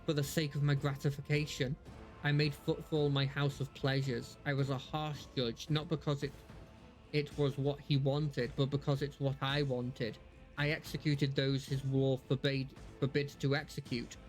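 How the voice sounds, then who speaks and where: A man's voice: medium pitch, flat delivery, normal speed, soft background music, lightly acted. A man reading a ruthless woman judge from a game. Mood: repentant. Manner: solemn, formal declaiming.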